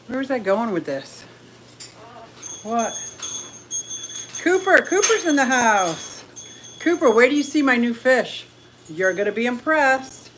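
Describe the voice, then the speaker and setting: Woman, casual vlog, chatty and giggly, handheld camera, faint outdoor noise. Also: medium pitch. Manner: chatty, giggly, talks to her pets and viewers. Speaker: fish keeping channel host. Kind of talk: casual home tour vlog. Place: walking around a house and front yard.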